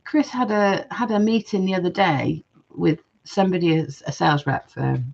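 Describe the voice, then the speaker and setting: A woman's voice: fairly low pitch, expressive, normal speed, vocal fry, darkish tone, highs cut off. A woman hosting a live jewellery-making stream, chatting casually and reading viewer comments aloud.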